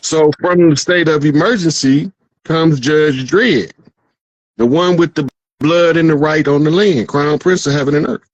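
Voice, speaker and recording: A man's voice: a little high, measured pace, no echo, muffled recording. Guy talking big about his people, slangy, kinda preachy, dry close mic. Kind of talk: casual conversation.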